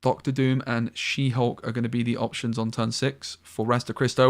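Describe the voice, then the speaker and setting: A man casting a card game tournament live, calling plays briskly and thinking aloud between moves. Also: mid-range voice, flat delivery. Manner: brisk analytical play-by-play with thinking-aloud asides. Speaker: tournament caster. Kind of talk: live esports play-by-play commentary.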